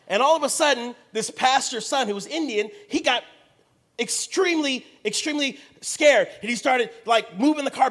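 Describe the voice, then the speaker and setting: A high-pitched American man delivering a sermon as a lively story. He acts out every exchange with theatrical energy and swings between loud bursts and hushed asides. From United States. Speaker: preacher.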